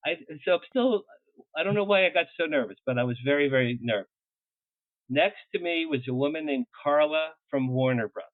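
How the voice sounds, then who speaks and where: An older man, a publicist guest, telling anecdotes in an interview with lively energy, laughing as he tells them and acting out what people said. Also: a little high, brisk, dry recording. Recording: tinny phone-like line, dry.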